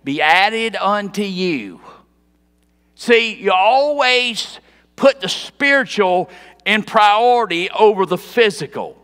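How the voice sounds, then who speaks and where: A man's voice: high-pitched, expressive, slow pace, a bit bright, clear, resonant tone, long reverb tail. A man preaching an expository sermon in a church, talking conversationally and quizzing the congregation. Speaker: pastor. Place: church sanctuary.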